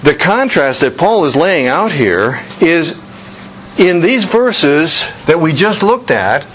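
A man teaching a Bible class, repeating key phrases slowly for emphasis and joking with his students. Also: fairly high pitch, very animated, a bit bright, a little hiss or hum.

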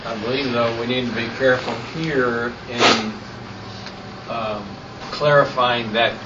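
A man's voice: medium pitch, fairly even intonation, heavy background noise. A man in a Bible class carefully raising a point of clarification. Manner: careful, measured objection. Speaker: class member. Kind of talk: classroom comment. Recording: distant, muffled room mic with crowd.

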